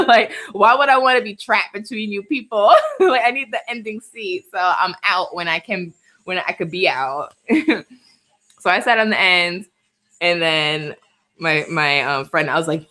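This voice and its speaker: This livestream host is a twenty-something woman from the Bronx whose light New York accent comes through as she chats, laughs often and responds to viewer comments. She speaks at a normal speed in a fairly low, expressive voice with a sharp edge.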